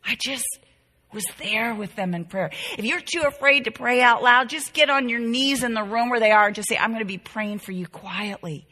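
A woman's voice: on the high side, normal speed, pushed and bright. A middle-aged woman teaching a Bible class to women, earnest and tender, repeating key phrases to drive them home. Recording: reverberant hall.

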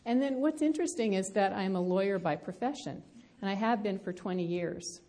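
A woman's voice: medium pitch, brisk, warm tone. A middle-aged woman teaching a Bible study to a room of listeners, reflective and personal, with frequent ums. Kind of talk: teaching talk. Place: room with a live audience.

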